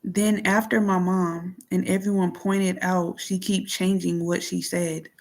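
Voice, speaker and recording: A woman vlogger venting in a casual monologue, reading out text messages and commenting on them in a plainspoken, aggrieved way, often clearing her throat. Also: on the low side, flat delivery, measured pace, a little mellow. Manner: plainspoken, aggrieved, repeats herself.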